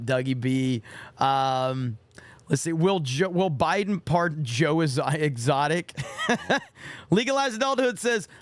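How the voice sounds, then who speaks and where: A hoarse man hosting a live stream, casually reading viewer messages aloud with quick rambling asides. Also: on the high side, dry recording. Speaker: livestream host.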